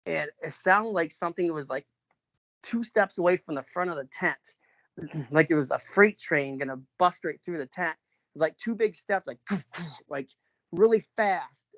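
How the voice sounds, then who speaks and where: A man from New York telling a personal story in a loose, rambling way, full of fillers and restarts, often clearing his throat. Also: a little high, animated, normal speed, fairly bright tone, dry recording. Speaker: interviewee, father recounting an encounter. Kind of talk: casual spoken storytelling. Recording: dull lo-fi recording.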